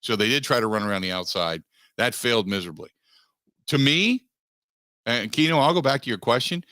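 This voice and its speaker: A man hosting a sports talk radio show, giving opinionated takes in an emphatic way that climbs in pitch as he gets worked up. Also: animated, brisk, sharp tone, no room sound, clean studio sound. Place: radio studio. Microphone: studio microphone.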